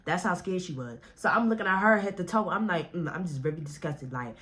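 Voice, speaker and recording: A young woman with a notably low voice tells a story to her viewers in a casual rant. She talks brash and profane, with plenty of animation and attitude. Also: lively intonation, fairly quick, fairly bright tone. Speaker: vlogger.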